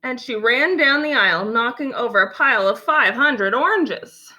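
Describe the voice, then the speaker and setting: A woman reading a picture book aloud in an animated way, adding playful asides. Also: on the high side, moderate pace, hardly any pauses. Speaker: storyteller.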